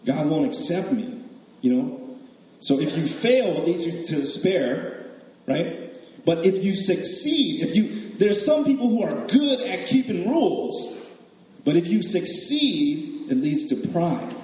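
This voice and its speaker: A man's voice: fairly high pitch, big pitch swings, slow, darkish tone. A man giving a sermon in a casual, joking way, often checking in with the listeners with "right?". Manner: conversational and joking, tags lines with "right?". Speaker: preacher. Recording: echoey hall with long reverb.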